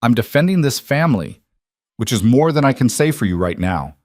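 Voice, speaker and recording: A man's voice: mid-range voice, very animated, fairly quick, a little mellow, no echo, clean studio sound. A man voicing a cold, controlling wealthy mother, with a cutting, disapproving delivery. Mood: sharp.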